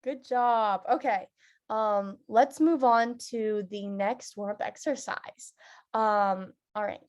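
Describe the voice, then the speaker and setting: A woman leading a theatre warm-up lesson, giving friendly instructions with frequent "um"s and breaking into loud demonstration sounds. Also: mid-range voice, slow pace, lo-fi sound. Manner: instructive, filler-heavy, with loud vocal demonstrations. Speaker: drama teacher.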